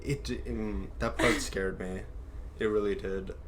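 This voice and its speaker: A woman with an unusually deep, low voice joins a friend as a guest in a casual movie review. She talks in a hesitant, halting way and often trails off mid-thought. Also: steady tone, a crowd in the background. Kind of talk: casual chat.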